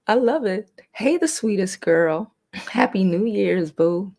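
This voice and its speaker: A woman hosting a casual livestream, talking bluntly with profanity and reading viewers' comments aloud in a lowered, softened voice. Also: animated, extremely slow. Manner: putting on a lower, softer new voice. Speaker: livestream host.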